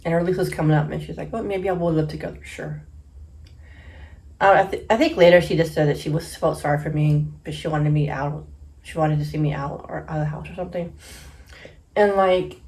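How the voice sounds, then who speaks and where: A woman in her thirties from the Bay Area, casually telling a story while she eats, chatty and quick to laugh. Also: deep voice. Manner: chatty, laughs often, acts out quotes loudly. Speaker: mukbang host.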